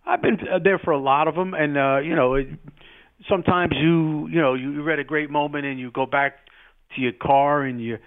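Rambling Philly fan on a tinny line. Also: male voice, fairly high pitch, fairly even intonation. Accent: Philadelphia. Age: middle-aged. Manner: rambling, halting. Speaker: caller fan. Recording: tinny phone-like audio.

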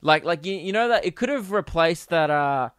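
A young Australian man, a comedian hosting his podcast, telling a rambling story in a crude, self-amused way with bursts of loudness. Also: fairly high pitch, lively intonation, normal speed, clean tone, dry recording, clean studio sound. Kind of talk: casual storytelling monologue.

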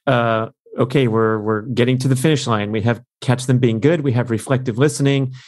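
A man hosting a podcast interview, enthusiastic and casual, recapping his guest's points with quick asides. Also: mid-range voice, fairly even intonation, darkish tone. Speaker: podcast host.

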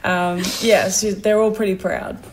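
A woman's voice: mid-range voice, fairly even intonation, measured pace, noisy background. Chatty Australian woman telling stories. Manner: chatty storyteller who laughs while telling stories. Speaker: guest. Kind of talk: casual chat.

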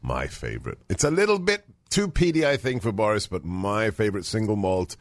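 UK-raised man with a low voice, lively chat co-host, dry sound. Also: a little fast, no room sound. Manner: animated, laughing, mimics voices in his stories. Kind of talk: casual storytelling chat.

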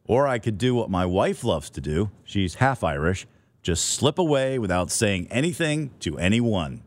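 Wry low-voiced storytelling man. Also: very animated, normal speed, dry recording. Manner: wry, playful. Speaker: podcast host. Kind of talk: scripted storytelling monologue.

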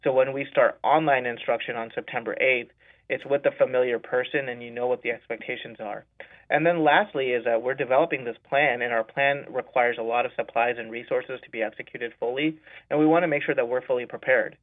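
A man's voice: medium pitch, steady tone, brisk. A man, a school superintendent, giving a radio interview by phone and methodically laying out his reasons point by point. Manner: methodical, lays out numbered reasons. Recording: tinny phone line.

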